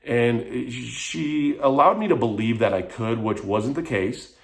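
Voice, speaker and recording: A man's voice: medium pitch, unhurried, creaky. A man frankly telling a personal story in a vlog, emotional and rambling, with lots of "like". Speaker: vlogger.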